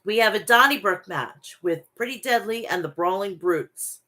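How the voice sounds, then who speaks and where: A woman hosting a wrestling show, giving a brisk play-by-play recap and often correcting herself mid-word. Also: mid-range voice, pushed and bright.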